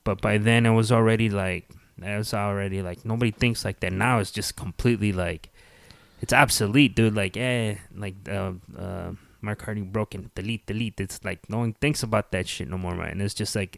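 Low-voiced man telling rambling stories. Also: fairly even intonation, normal speed, gravelly, dry recording. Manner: rambling storyteller, profane, many fillers. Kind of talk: casual podcast chat.

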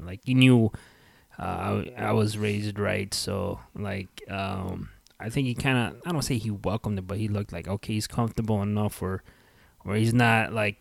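A man's voice: fairly low pitch, moderate pace, gravelly, no room sound. A man co-hosting a casual chat, telling stories and acting out the people in them. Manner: animated storyteller who acts out quotes. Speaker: podcast co-host.

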